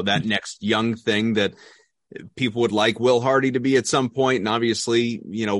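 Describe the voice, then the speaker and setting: A man's voice: mid-range voice, no echo, clean studio sound. A man hosting a casual sports podcast, often restarting phrases while he builds a question. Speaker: podcast host.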